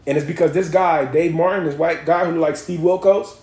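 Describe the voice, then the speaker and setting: A young man talks straight into his phone on a casual livestream, voice set a little high for a man. He tells his story with emphasis, repeating phrases and swearing freely. The sound bounces around an echoey room. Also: fairly even intonation, fairly quick, a little mellow. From Miami. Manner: emphatic, repetitive, profane storytelling. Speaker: livestream host.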